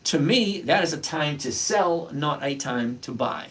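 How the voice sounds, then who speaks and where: A man's voice: on the high side, expressive, a little slow, a bit bright, slightly rough. A middle-aged man hosting a casual live stock-trading stream, greeting viewers by name and answering their questions. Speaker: livestream host reading chat.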